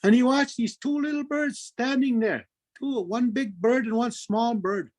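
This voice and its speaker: A man's voice: extremely high pitch, unhurried, darkish tone, no room sound. A man narrating a traditional folk tale with repetitive, rhythmic phrasing. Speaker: storyteller. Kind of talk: oral folk storytelling.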